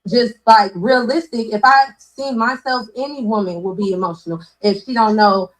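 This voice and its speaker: A woman's voice: mid-range voice, moderate pace, poor audio. A woman on a podcast panel, explaining her view earnestly at length with many restarts. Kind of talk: casual debate chat.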